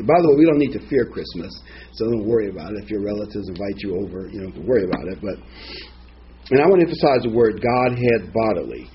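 A man's voice: medium pitch, expressive, fast, lo-fi sound, slight background noise. A man giving an informal Bible teaching, rambling and digressive, with frequent asides and fillers. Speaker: preacher.

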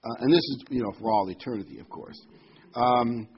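A man's voice: medium pitch, a little fast, slight background noise. A man preaching a sermon and reading scripture aloud, talking in a conversational way that rises to emphatic when he quotes the verses. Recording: dull lo-fi recording.

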